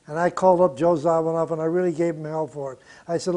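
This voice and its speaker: An older man with a high-set voice recounts his producing days in an interview. He tells it bluntly, drops profanities freely and chuckles between his stories. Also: fairly even intonation, quick pace, few pauses, warm tone. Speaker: record producer. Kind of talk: interview storytelling.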